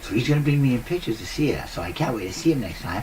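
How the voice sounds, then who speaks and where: Giggly low-voiced man rambling. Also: sing-song, rapid-fire, hardly any pauses, distant mic, background noise. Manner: giggly, upbeat, laughs often. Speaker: vlogger. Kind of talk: casual rambling monologue. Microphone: new cheap desk microphone.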